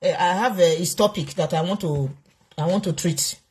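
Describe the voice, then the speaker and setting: A woman's voice: fairly low pitch, normal speed, a little mellow. A woman with a Nigerian accent hosting a live call-in program. She scolds her listeners angrily and slips into Pidgin. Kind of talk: heated live broadcast rant.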